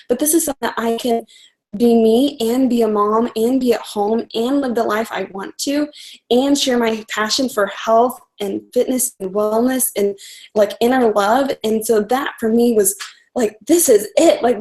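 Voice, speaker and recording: A woman's voice: a little high, a little mellow, low-quality recording. A young woman coach telling her personal story in an earnest, heartfelt way on a live group call. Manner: earnest, heartfelt, talks fast with restarts.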